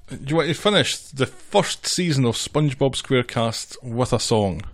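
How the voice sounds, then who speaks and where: A man's voice: medium pitch, expressive, moderate pace. Dry, wry man podcast co-host. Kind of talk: casual recap chat. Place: small office.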